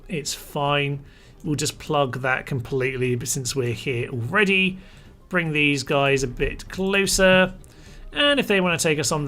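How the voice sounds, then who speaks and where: Bright-voiced gaming host. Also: male voice, a little high. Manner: chatty, talks his units through orders. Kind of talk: live strategy game commentary.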